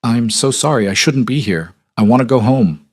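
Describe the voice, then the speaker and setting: A man's voice: medium pitch, animated, moderate pace, pitched above the performer's own voice, close to an everyday voice. Man doing a weeping, frightened young woman. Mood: tearful. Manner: weeping, choked, pleading. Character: frightened young pregnant woman, poor and tearful.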